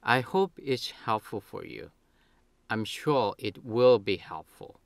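A man's voice: fairly low pitch, animated, slow, gravelly, no echo. A man from Korea, a language teacher explaining grammar and acting out example phrases with big swings in tone.

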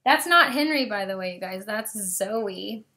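A woman's voice: medium pitch, expressive, measured pace, sharp tone. A bubbly young woman hosting a casual live stream from home, gushing and talking straight to her viewers over a webcam.

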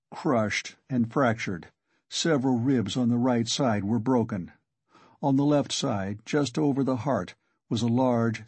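A man narrating a classic novel as an audiobook, reading at a steady, measured pace. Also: mid-range voice, slightly rough, dry recording.

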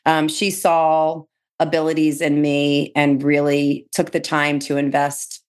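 A middle-aged woman from New Jersey, a real estate speaker and trainer, chatting as a podcast guest and telling stories with quick restarts and frequent laughs. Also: low voice, smooth. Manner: animated storyteller, laughs often, quick restarts. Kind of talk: casual interview chat.

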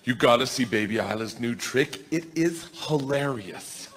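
A man's voice: mid-range voice, animated, measured pace, fairly bright tone, voice pushed down. A man voicing a pushy little girl insisting her dad watch her sister. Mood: insistent. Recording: stand-up club, crowd laughter, noise.

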